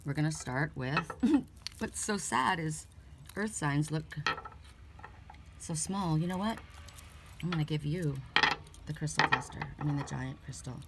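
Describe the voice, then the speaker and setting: A woman's voice: sits low, a little slow, pauses often, very noisy. A woman giving a casual oracle card reading, chatty and blunt, swearing casually and laughing often. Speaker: tarot and oracle card reader.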